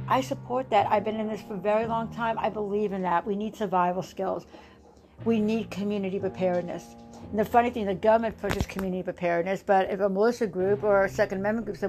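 A woman's voice: medium pitch, quick pace, a little mellow, soft background music. A woman delivering an impassioned political monologue, emphatic and rousing, repeating lines for effect and dropping to a grave tone for warnings.

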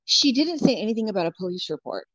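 A woman's voice: mid-range voice, big pitch swings, fast talker, a bit bright, no room sound. Woman, casual chat, blunt, swears a lot, dull lo-fi recording, dry sound. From California. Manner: blunt, swears freely, many "like" fillers. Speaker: guest.

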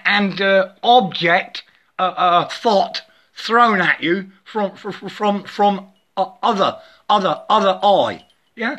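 A man talks slowly into a phone in a rather high voice. He breaks into chants of wordless syllables, rambles about spiritual ideas, and keeps asking "yeah?" while he stumbles over repeated words. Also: sharp tone.

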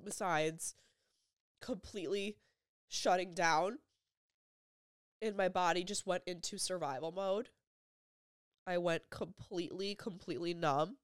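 A young woman vlogger telling a personal story, halting and emotional, with repeated phrases and frequent filler words. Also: lowish voice, clean tone, dry recording, studio quality.

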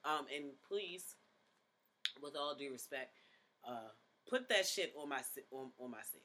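Bright-voiced laid-back podcast host guy. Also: medium pitch, lively intonation, measured pace. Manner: laid-back, rambling, profane. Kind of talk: casual chat.

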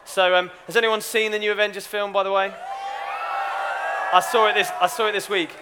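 A man's voice: high-pitched, little pitch movement, brisk, a crowd in the background, noisy background. A young man giving a chatty, self-deprecating youth talk with a story. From Britain. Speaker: youth speaker.

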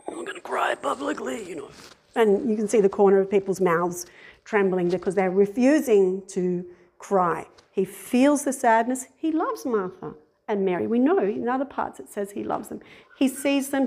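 A woman giving a conversational sermon, animated, acting out little voices and laughing at herself. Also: medium pitch. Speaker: speaker giving a talk.

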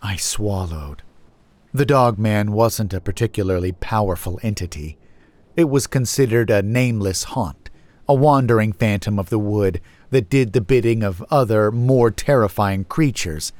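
A man narrating a first-person horror story in a slow, measured, brooding way. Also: fairly low pitch, darkish tone, no room sound.

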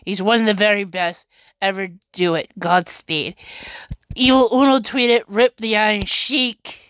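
A woman's voice: medium pitch, steady tone, a little slow, fairly bright tone, dry recording. A woman hosting a podcast, reading out tweets in casual chat and laughing often in amused disbelief. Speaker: podcast host.

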